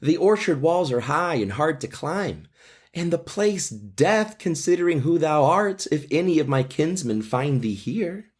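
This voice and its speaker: A man voicing a lovestruck teenage girl, reciting old verse slowly in a raised, lilting voice. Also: fairly high pitch, lively intonation, darkish tone, slightly rough, voice pushed up. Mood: worried.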